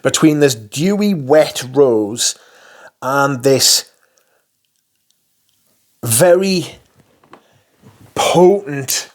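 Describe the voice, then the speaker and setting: Enthusiastic sweary man, unhurried. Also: medium pitch, expressive. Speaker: fragrance reviewer. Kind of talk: casual chat.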